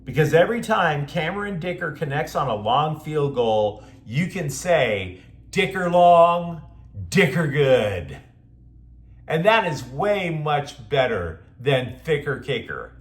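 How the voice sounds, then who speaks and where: A man's voice: a little high, very animated, unhurried, hardly any pauses, echoey room. A man hosting a sports show, delivering scripted commentary with sarcastic, mocking asides.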